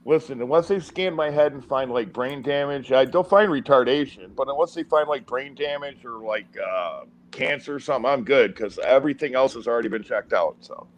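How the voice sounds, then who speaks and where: A man's voice: medium pitch, a little fast, hardly any pauses. A man on a casual stream, teasing and provoking his friends and laughing at his own jokes. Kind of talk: casual banter.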